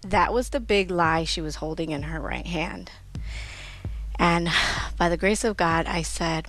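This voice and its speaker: A woman's voice: fairly low pitch, normal speed, soft background music. A young adult woman sharing a personal story as a podcast guest, acting out voices and dropping to a near-whisper at tender moments. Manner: animated, acts out quoted voices, drops to near-whisper.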